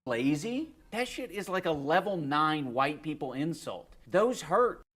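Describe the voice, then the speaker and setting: A man's voice: a little high, big pitch swings, a little slow, a bit bright. A man in a played video clip, explaining earnestly in a casual way with filler words.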